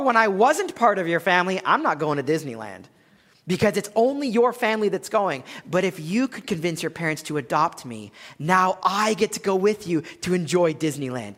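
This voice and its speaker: A man's voice: sits high, sing-song, normal speed, fairly bright tone, big-room sound. A man preaching a sermon as a pastor, teaching earnestly with rhetorical questions and frequent restarts.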